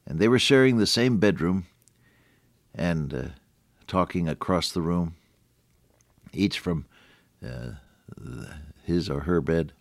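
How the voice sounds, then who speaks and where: An older man giving a folksy devotional radio sermon, talking straight to the listener and swinging between hushed lows and emphatic high points. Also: lively intonation, takes it slowly, creaky, pauses often, no room sound. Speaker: radio preacher.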